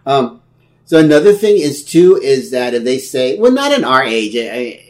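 Male podcast co-host, lively storyteller who plays out every quote in the conversation. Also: medium pitch, moderate pace. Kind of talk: casual chat.

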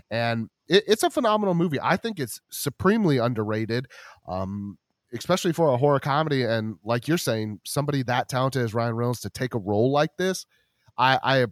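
A man's voice: medium pitch, no echo, clean studio sound. A man hosting a podcast, chatting enthusiastically and rambling with many restarts. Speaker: podcast host. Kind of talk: casual chat.

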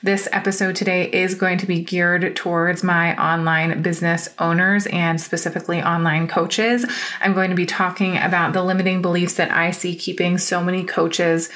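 A woman's voice: on the low side, little pitch movement, normal speed, a bit bright. A woman hosting a motivational podcast, talking in an upbeat, encouraging pep-talk manner with casual swearing. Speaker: podcast host and business coach.

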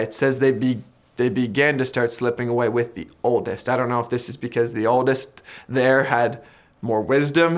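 A male pastor delivering a sermon with an easy, chatty manner. He tells the story with dramatic pacing and sinks to soft, weighty lines for emphasis. His voice sits at an ordinary middle pitch. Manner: conversational, dramatic retelling with quiet emphatic drops.

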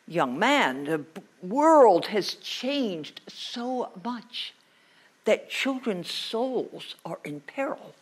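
A woman storyteller voicing an old, stern, secretive witch who lectures slowly and commandingly in a told folktale. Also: mid-range voice, slightly rough, exaggerated voice. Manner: commanding, lecturing, drawn-out words.

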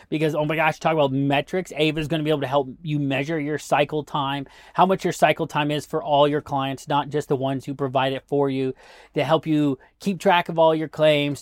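A man's voice: a little high, dry recording, studio quality. A man hosting a podcast, giving casual motivational coaching with rhetorical questions. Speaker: podcast host.

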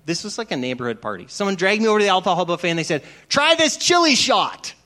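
A man's voice: sits high, expressive, rapid-fire, a bit bright. A man who is a pastor, giving a conversational sermon and telling stories that act out dialogue. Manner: chatty storytelling, acts out dialogue.

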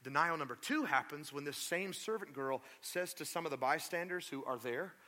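A male pastor preaching a sermon, telling the story in a lively, conversational way with asides to the congregation. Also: a little high, moderate pace. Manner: animated storytelling, acts out quotes.

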